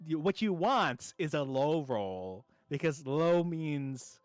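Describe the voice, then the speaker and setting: A man's voice: a little high, animated, slow pace, smooth, dry recording. A young man running a tabletop game as dungeon master, rambling through his narration with many fillers and restarts.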